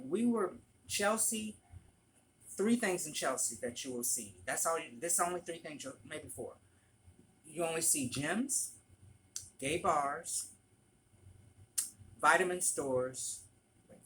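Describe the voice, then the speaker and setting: A man's voice: on the high side, a bit bright, a little hiss or hum, poor audio. A man in casual storytelling mode, candid and blunt, ranting with frequent restarts. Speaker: vlogger, former barista.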